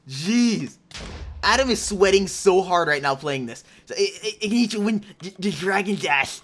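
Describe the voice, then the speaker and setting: A man's voice: sits high, animated, normal speed, a bit bright. A young man commentating his own game as he plays, chatting to himself and to viewers and teasing the other players. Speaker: gaming YouTuber. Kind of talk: live gameplay commentary.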